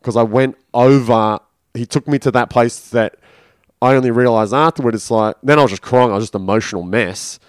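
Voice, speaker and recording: A man's voice: medium pitch, fairly quick, no room sound, studio quality. A man candidly recounting a personal story in casual conversation, swearing freely and acting out his inner voices. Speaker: podcast guest.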